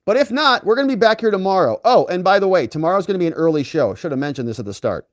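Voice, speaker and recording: A man hosting a live legal commentary stream, animated and moving around as he talks, wrapping up with big rallying calls to his viewers. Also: high voice, rapid-fire, no echo, clean studio sound. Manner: animated, moves around a lot while talking; big rising sign-off calls to the audience. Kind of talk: casual live-stream sign-off with viewer chat. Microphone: earpiece with separate mic, dry sound.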